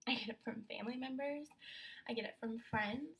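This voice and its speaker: A woman's voice: fairly high pitch, brisk, low-quality recording. A young adult woman, a mom, venting in a casual vlog monologue in an emphatic, frustrated way. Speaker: mom vlogger.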